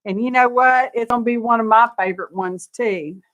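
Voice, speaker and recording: A woman's voice: on the high side, brisk, fairly bright tone, highs cut off, a little hiss or hum. An older woman, chatty and gushing, hosting a live craft show-and-tell from her studio. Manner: chatty and gushing, greets viewers by name, frequent laughs. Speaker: craft channel host.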